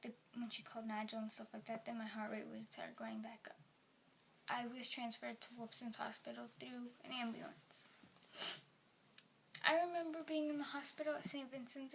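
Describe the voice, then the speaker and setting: Soft-spoken woman with a higher voice. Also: vocal fry, a little hiss or hum. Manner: soft-spoken, rambling, drops into whispers. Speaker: vlogger. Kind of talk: personal confessional vlog.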